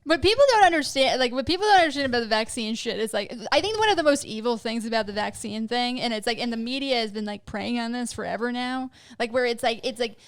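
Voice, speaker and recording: A woman's voice: on the high side, expressive, fast, hardly any pauses, dry recording. A woman co-hosting a comedy podcast who talks in a casual, blunt way and laughs readily. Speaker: podcast co-host.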